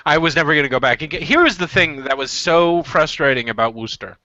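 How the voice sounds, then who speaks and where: A man's voice: a little high, expressive, fast talker, bright, forceful tone, no echo. A man from California hosting a casual web show, telling stories animatedly and acting out quotes, over dull web call audio. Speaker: host.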